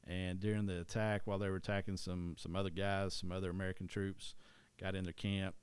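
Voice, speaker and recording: A man with a deep voice and a Southern East Tennessee accent discusses history loosely, like a podcast co-host, rambling and restarting and correcting himself as he goes. His delivery is level and a little fast, his tone clear and resonant, with no echo.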